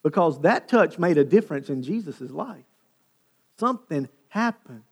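A male pastor preaching a sermon, retelling a story with animated, dramatic delivery. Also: fairly high pitch, moderate pace, breathy edge. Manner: animated, dramatic storytelling with sharp swings in loudness.

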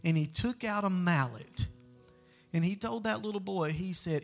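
A man's voice: a little high, measured pace, gravelly, soft background music. A man preaching in an earnest, conversational way, telling a story as part of a sermon.

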